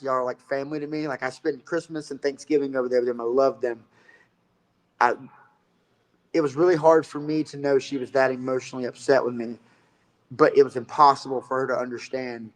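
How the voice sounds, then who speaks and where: A man's voice: mid-range voice, rough recording. A man telling a rambling, profane story about fighting and coaching in a casual interview.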